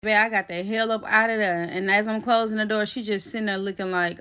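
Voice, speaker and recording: A young woman telling a personal story to her viewers in a casual, animated, slangy way, cursing freely and calling the audience "y'all.". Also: medium pitch, brisk, clean tone. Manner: swears freely and laughs while telling the story.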